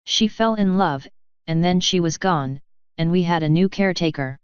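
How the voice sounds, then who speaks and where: Woman doing a young male pony thief, guarded, dismissive, clear voice, dry dull recording. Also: lowish voice, moderate pace, no room sound, lightly acted. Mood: reflective. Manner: brushes off sympathy, guarded.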